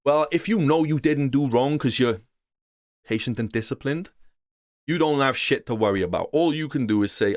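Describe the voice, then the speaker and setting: This man, a trading course instructor, runs through day trading casually and off the cuff, swearing, using slang, and frequently acting out how other traders talk. He speaks at a normal speed in a medium pitch, captured in a clean, dry studio recording.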